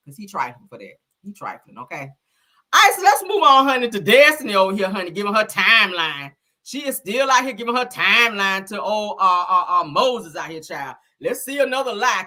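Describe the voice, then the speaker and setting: A woman hosting a live stream, chatting casually and sassily with viewers, full of slang and laughter. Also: on the high side. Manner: sassy, animated, slangy, laughs often. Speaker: live-stream gossip host. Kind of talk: casual chat reacting to viewer comments.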